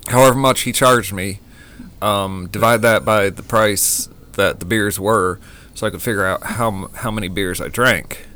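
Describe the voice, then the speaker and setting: Low-voiced man, halting and sheepish. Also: steady tone, pushed and bright. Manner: halting, restarts, self-deprecating. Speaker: friend in the conversation. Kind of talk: casual chat.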